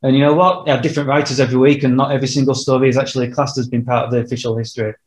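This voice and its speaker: A man's voice: medium pitch, flat delivery, very fast. Hesitant man in a roomy echo. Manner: hesitant, many "um" and "I don't know". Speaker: podcast co-host. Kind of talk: casual chat.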